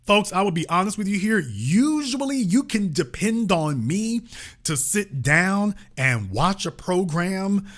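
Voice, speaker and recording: A man's voice: high-pitched, very animated, unhurried, a bit bright. A man hosting a political commentary show, delivering an emphatic, sarcastic, colloquial monologue. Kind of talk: opinionated monologue.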